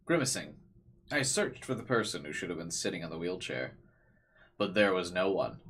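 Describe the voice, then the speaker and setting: A man reading a frightened teenage boy's inner monologue aloud, slow and grim, with a lively, low voice. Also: husky, full character voice. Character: frightened teenage boy narrating his ordeal.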